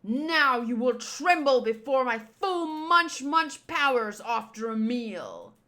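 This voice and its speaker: A woman reading aloud as a greedy, boastful male king, declaring slowly and loudly. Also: sits high, very animated, full character voice.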